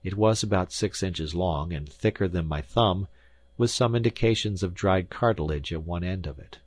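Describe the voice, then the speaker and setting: A man narrating an audiobook in a measured, even reading style at a close studio microphone. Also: low voice. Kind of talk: scripted narration.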